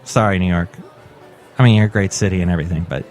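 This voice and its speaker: A man's voice: low voice, fast, a little mellow, faint music behind. A man from California hosting his own podcast, talking casually and rambling through asides and plugs. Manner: chatty, rambling, promotional asides. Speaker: podcast host. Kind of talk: casual solo podcast chat.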